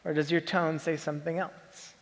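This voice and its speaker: A man with a high-pitched voice preaching a sermon. His delivery is conversational and leans on rhetorical questions. His voice carries a long reverb from a large hall. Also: level tone, moderate pace. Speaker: pastor.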